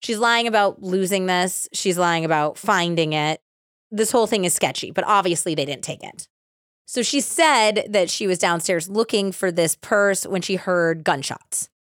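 A woman hosting a true crime podcast, casually retelling a case with animated acted-out quotes and lots of "like". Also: fairly low pitch, normal speed, no echo, clean studio sound. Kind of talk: casual storytelling.

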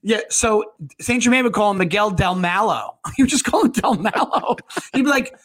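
High, bright-voiced joking man. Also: animated, moderate pace. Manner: chatty, laughs often, jumps between topics. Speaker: podcast co-host. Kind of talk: casual comedic chat.

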